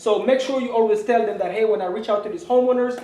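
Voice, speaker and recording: Energetic guy with a high voice, talking real estate fast, echoey room. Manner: energetic, fast, addresses viewers as guys. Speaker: real estate investor and channel co-host. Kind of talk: casual co-hosted video talk.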